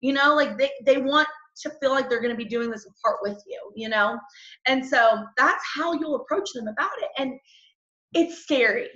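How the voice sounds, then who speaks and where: A peppy young woman coaches her team on a call, chatty and casual with lots of "like" and "y'all." Her voice is bright and ringing, a little high. It sits in an echoey room on a dull, lo-fi recording. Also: moderate pace.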